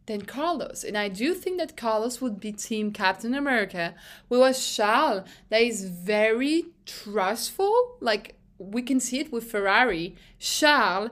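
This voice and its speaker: Animated, opinionated young woman podcaster. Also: a little high, a little slow. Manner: animated, opinionated, swears freely. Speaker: podcast host. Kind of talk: casual solo podcast monologue.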